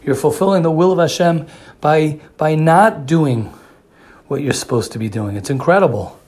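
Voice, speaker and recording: A man's voice: fairly high pitch, moderate pace, a little mellow. A man giving a sermon who repeats phrases for emphasis and often restarts his sentences. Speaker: religious speaker.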